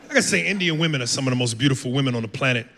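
A brash, profane American stand-up comic with a gravelly edge. He works a club stage, and his voice carries a long reverb. Room noise sits clearly behind him. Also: medium pitch, lively intonation, very fast. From United States. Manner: brash, profane, jumps into loud impressions. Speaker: stand-up comedian. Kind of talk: stand-up comedy set.

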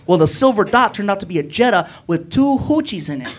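A man doing stand-up comedy, telling a story animatedly and acting out voices with shouts. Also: sits high, very animated, quick pace. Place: comedy club stage. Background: crowd laughter.

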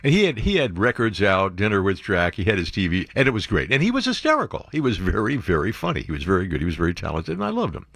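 A man's voice: fairly low pitch, wildly swooping pitch, fast talker, gravelly, few pauses, a bit bright, no room sound, studio quality. A man, a talk radio host telling a rambling story full of fillers. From the Bronx, New York.

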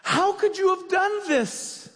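A preacher putting on a scheming lion uncle, high and accusing. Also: male voice, slow pace, bright, forceful tone, big-room sound, heavily acted. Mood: feigned dismay.

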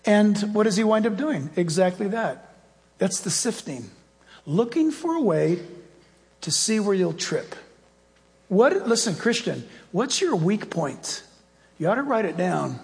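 A man, a pastor, preaching a sermon with animated storytelling and acted-out dialogue. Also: sits high, long reverb tail.

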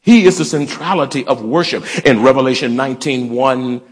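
A man's voice: mid-range voice, brisk, breathy edge. A man preaching a sermon to his congregation in church, calling out for responses and urging them to join in. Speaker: pastor. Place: church sanctuary.

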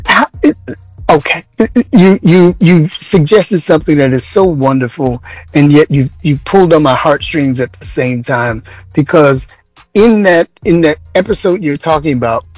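A man speaking as an actor guest in a slightly high, emphatic voice. The sound is dry, with faint music behind him. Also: moderate pace, no echo, rough recording. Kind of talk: interview answers.

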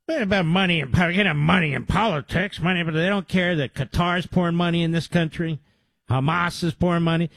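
A man's voice: a little high, no room sound. A man hosting a political talk radio show, combative and sarcastic, with mocking asides to his producer. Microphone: studio microphone.

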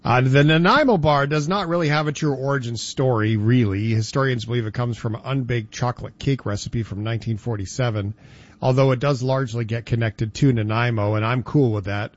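A man's voice: mid-range voice, dull audio. A man hosting a radio show, chatting casually and joking with his co-host. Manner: animated, joking, does quick voices in anecdotes. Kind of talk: casual banter.

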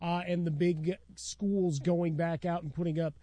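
A man's voice: fairly high pitch, flat delivery, unhurried, mellow, no room sound. A man co-hosting a sports radio talk show, wry in his commentary.

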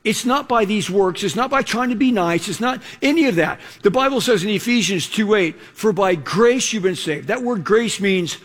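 A middle-aged male pastor preaching with a notably high voice. He talks loosely and conversationally, dropping frequent "you know" asides between his points. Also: lively intonation, normal speed, hardly any pauses. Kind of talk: sermon. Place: Los Angeles church.

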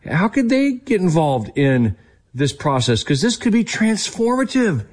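A man's voice: medium pitch, animated, normal speed, a little mellow. A man hosting a Christian talk show and interview, speaking with enthusiasm and affirming his guest. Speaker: host.

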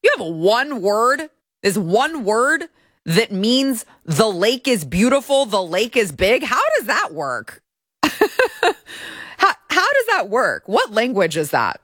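A woman's voice: a little high, sing-song, slow pace, fairly bright tone, dry recording, studio quality. A woman hosting an opinion talk show, giving commentary in a sarcastic, mocking way. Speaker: show host.

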